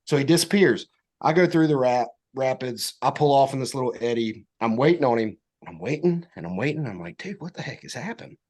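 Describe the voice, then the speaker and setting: Guy on a podcast telling a funny story, lively, does the voices. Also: fairly quick. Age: young adult. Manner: animated storyteller, acts out quotes in high voices. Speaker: podcast guest. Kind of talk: storytelling in casual chat.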